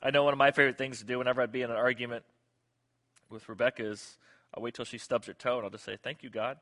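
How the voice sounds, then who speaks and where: Bright-voiced man preaching a sermon. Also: mid-range voice, racing. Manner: animated storyteller acting out quotes. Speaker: pastor.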